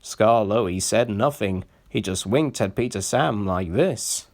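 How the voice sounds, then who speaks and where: A man narrating a children's storybook in an expressive storytelling manner. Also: on the low side, slow pace. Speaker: reader.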